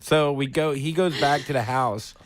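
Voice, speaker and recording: A man co-hosting a podcast, telling a crude, rowdy story in casual chat and loudly acting out what people said. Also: medium pitch, moderate pace. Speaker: podcast co-host.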